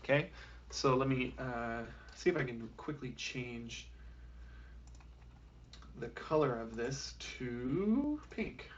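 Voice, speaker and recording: A man's voice: medium pitch, lively intonation, slow pace, long pauses, slight background noise. Casual male flute teacher, dull audio. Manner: casual, encouraging, with frequent fillers. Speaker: music teacher. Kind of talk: live online music lesson.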